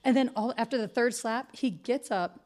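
A woman from the United States co-hosting a podcast, telling a story in an animated way, swearing freely and laughing as she goes. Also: on the high side, normal speed. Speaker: podcast co-host. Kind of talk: casual chat, storytelling.

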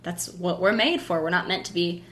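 A woman's voice: fairly low pitch, normal speed, a bit bright, a little hiss or hum. A woman hosting a casual faith conversation, encouraging and asking reflective questions. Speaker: podcast host.

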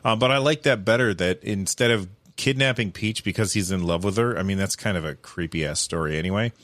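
A man giving casual, animated commentary, rambling with lots of fillers and restarts. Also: low voice, a little fast, no room sound.

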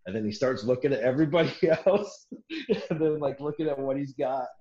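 A man's voice: mid-range voice, fairly quick, a loud crowd. A man casually telling a military story, swearing often, laughing, and acting out the people he quotes. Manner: profane, laughing, acts out quoted voices. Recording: roomy, dull lo-fi sound.

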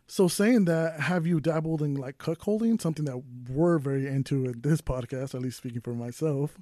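A man's voice: a little high, normal speed, warm tone, no room sound, clean studio sound. A man hosting a podcast in a casual interview conversation. He talks openly and offers advice to his listeners. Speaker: podcast host.

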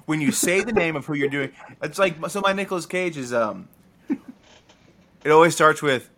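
A man co-hosting a podcast in casual chat, playful and quick to riff and joke. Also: fairly high pitch, animated, bright, forceful tone. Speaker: podcast co-host.

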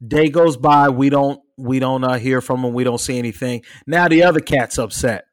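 A young adult man casually telling a story as podcast co-host, animated, swearing freely and acting out the people and cat sounds in it. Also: mid-range voice, normal speed, no room sound. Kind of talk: casual chat.

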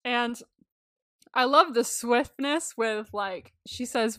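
A woman's voice: on the high side, animated, drawn-out words, bright, forceful tone, no room sound, clean studio sound. A woman co-hosting a podcast, chatting casually and animatedly, swearing freely, laughing often and acting out quotes. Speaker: podcast co-host. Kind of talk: casual recap chat.

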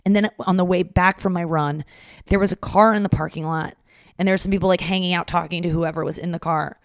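A woman's voice: fairly low pitch, fairly even intonation, fast, dry recording, clean studio sound. Profane, rambling woman podcast host. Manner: rambling and profane, acts out conversations. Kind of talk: casual solo comedy monologue.

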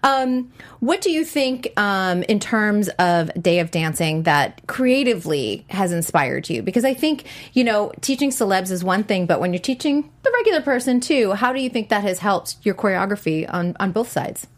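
A woman's voice: medium pitch, animated, moderate pace. A woman, interviewing a guest in a playful, upbeat way. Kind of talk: casual interview talk.

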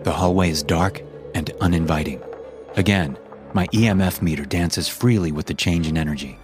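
Deep-voiced man narrating horror. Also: moderate pace, soft background music. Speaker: horror story narrator and channel host.

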